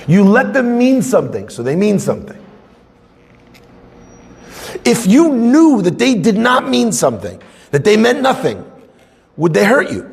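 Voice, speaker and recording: A man teaching a Torah class as a rabbi, conversational and animated, acting out little scenes. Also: high-pitched, vocal fry, slightly rough, long reverb tail.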